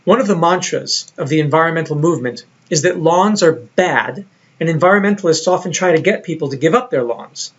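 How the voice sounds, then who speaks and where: A man's voice: on the high side, animated, a little fast, fairly bright tone, slightly rough. A man narrating a recorded lecture in a reflective, storytelling way, on a dull lo-fi recording. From United States.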